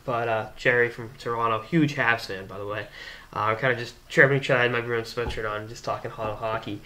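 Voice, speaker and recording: A young man from the Boston area, a hockey blogger hosting his own show, telling a rambling, animated anecdote to camera. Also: mid-range voice, fairly quick. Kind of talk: casual storytelling to camera.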